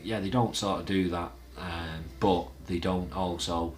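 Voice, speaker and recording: A man's voice: sits low, steady tone, measured pace, a crowd in the background. A man hosting a fan channel, chatting casually and rambling with lots of fillers and restarts. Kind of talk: casual fan vlog chat.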